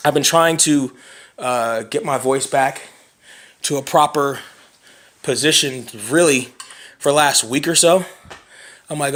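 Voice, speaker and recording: A man in his thirties with a hoarse voice, rambling through a casual self-deprecating vlog monologue and often clearing his throat. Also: medium pitch, takes it slowly, long pauses, fairly bright tone, slight background noise. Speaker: vlogger.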